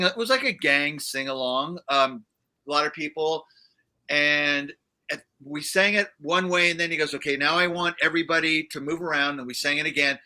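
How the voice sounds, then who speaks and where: Bright-voiced man telling a rambling story. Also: on the high side, moderate pace. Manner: rambling, many fillers and restarts. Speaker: guest musician. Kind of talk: casual storytelling chat. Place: livestream studio.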